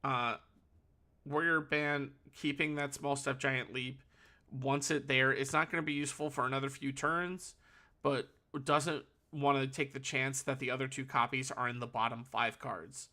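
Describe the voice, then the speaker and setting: A man's voice: medium pitch, steady tone, normal speed, bright, forceful tone. A man calling a card game tournament solo, analytical and thinking aloud, correcting himself as he goes. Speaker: tournament caster.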